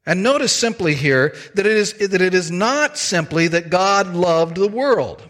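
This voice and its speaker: Male preacher, fairly high voice, unhurried and emphatic, long hall reverb. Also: lively intonation, fairly bright tone. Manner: measured, emphatic preaching with slow stressed phrases. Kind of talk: sermon.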